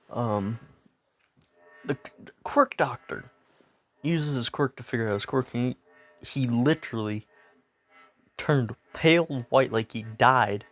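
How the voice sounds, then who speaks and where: A young man casually telling a fan story, rambling and interrupting himself, laughing at his own asides. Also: mid-range voice.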